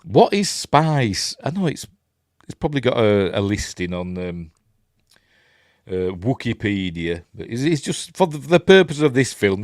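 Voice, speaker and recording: A Yorkshire man talks through a film in a loose, rambling commentary full of asides and rhetorical questions. His voice sits low, but his intonation jumps around a lot. The sound is dry, with no room echo. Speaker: film reviewer, channel host.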